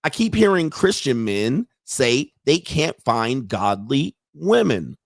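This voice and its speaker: A man's voice: mid-range voice, sing-song, takes it slowly, creaky, no echo. Brash mocking male commentator, dry sound. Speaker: commentary host. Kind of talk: reaction commentary.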